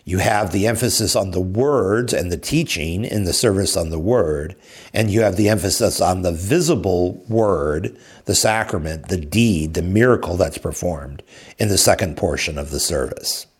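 A man teaches a Bible class in an easygoing lecture. His voice sits low and slightly husky. He speaks conversationally, with frequent fillers and restarts. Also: moderate pace.

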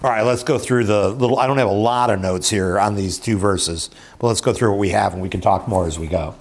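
A man's voice: fairly low pitch, a little fast. A man leading a Bible class, lecturing conversationally with frequent fillers and self-corrections. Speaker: Bible study teacher.

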